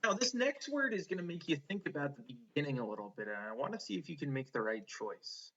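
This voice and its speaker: A man's voice: a little high, big pitch swings, fast talker, pushed and bright, dull audio. A man teaching a one-on-one spelling lesson, patiently sounding out words letter by letter and encouraging the student.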